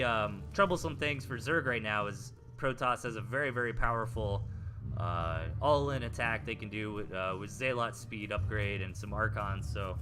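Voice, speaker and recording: A man's voice: medium pitch, sharp tone. A young man with a Southern US accent, casting game replays in a rambling, chatty live-stream commentary full of fillers. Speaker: game caster.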